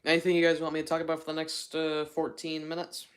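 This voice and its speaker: A man's voice: a little high, completely flat delivery, fast. A young man hosting a casual livestream, chatting with viewers in a rambling, self-mocking way full of fillers. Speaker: livestream host.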